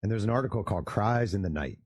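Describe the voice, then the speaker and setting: A man with a very low, husky voice tells a long story in an interview. He animates it by acting out what people said. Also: fast talker. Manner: animated storyteller who acts out quotes. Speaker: author telling a story.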